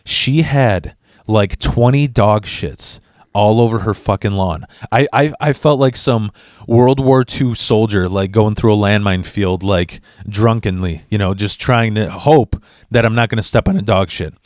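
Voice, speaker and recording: A man hosting a vlog, telling a comedic story in an animated, profane, fast-talking way. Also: on the low side, no echo, studio quality. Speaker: vlog host.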